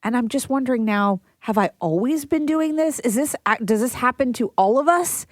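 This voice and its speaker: A woman from Toronto hosting a casual radio chat in a fairly high voice. She talks loosely, laughs easily and reads out listener texts. The studio mic is close and dry. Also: animated, normal speed, no room sound. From Toronto, Canada. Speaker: radio show host.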